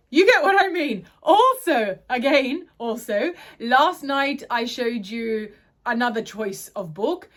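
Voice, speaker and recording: A woman's voice: on the high side, fairly bright tone. A woman chatting casually to her phone camera at home, rambling and correcting herself as she goes. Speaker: vlogger. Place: at home, indoors.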